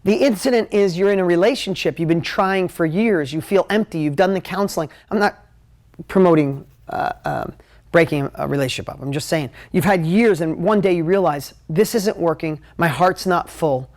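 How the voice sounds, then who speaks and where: A man teaching a live motivational talk at a whiteboard, energetic, emotional and conversational. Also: high voice, fairly quick. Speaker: motivational business coach.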